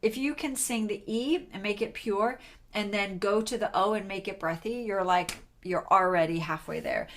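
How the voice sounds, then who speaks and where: A young adult woman teaching a singing lesson in a relaxed, chatty way, with sung demonstrations between explanations. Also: mid-range voice, moderate pace, a little hiss or hum.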